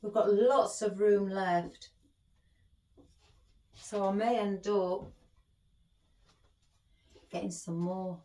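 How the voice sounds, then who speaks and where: A woman's voice: mid-range voice, fairly even intonation, extremely slow, long pauses, warm tone. A middle-aged woman chatting as she hosts a craft tutorial, rambling and affectionate toward her viewers. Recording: echoey room.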